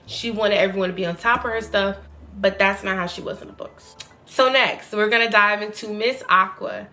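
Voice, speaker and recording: A woman giving casual, opinionated commentary to her viewers, animated and emphatic. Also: medium pitch, normal speed. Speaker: YouTube commentator.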